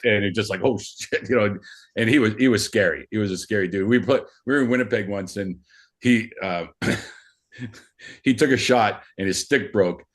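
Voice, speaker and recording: A man's voice: lowish voice, normal speed. A middle-aged man telling stories as a podcast guest, rambling casually with lots of restarts and fillers. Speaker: podcast guest, former hockey player. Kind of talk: casual storytelling.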